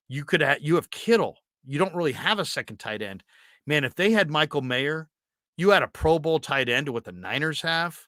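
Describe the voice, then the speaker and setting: Bright-voiced, lively man hosting a sports show. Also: mid-range voice, dry recording, studio quality. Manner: animated storyteller, does impressions. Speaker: sports radio host. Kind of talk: casual podcast chat.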